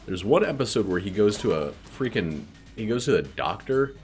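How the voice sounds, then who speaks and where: A man's voice: lowish voice, sing-song, normal speed, darkish tone, soft background music. A man hosting a casual let's play, chatting and joking playfully between laughs. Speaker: gaming channel host.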